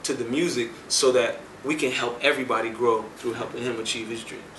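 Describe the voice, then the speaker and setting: A man, a music producer, telling his story in an interview at an indoor venue, animated and acting out the dialogue he recounts. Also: mid-range voice, a little fast, a little hiss or hum. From United States. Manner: animated, acts out quoted dialogue. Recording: echoey room, mic at a distance.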